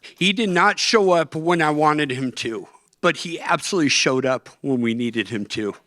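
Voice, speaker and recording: A man's voice: fairly high pitch, expressive, normal speed, a bit bright. A middle-aged man giving an emotional personal testimony as an interview guest, earnest and plainspoken. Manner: earnest, tearful at moments, plainspoken storytelling. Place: conference stage.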